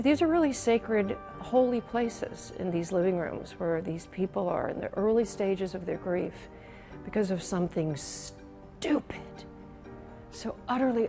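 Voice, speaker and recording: A woman in her sixties, a longtime TV news anchor, telling stories in a reflective, emotional conversational interview and often repeating her phrases. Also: medium pitch. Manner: animated, emotional storyteller who repeats phrases.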